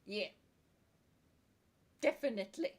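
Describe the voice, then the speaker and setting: A woman's voice: medium pitch, animated, slow. A woman from Sweden with a Swedish accent, streaming a game and chatting frankly, laughing between remarks. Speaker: VTuber streamer. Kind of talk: casual chat while streaming a game.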